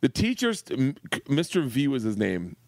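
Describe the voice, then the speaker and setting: A man in his forties telling funny stories about his daughter in casual podcast chat, animated and profane, laughing as he goes. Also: mid-range voice, normal speed, creaky, no echo, studio quality. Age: 40s. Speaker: comedian guest.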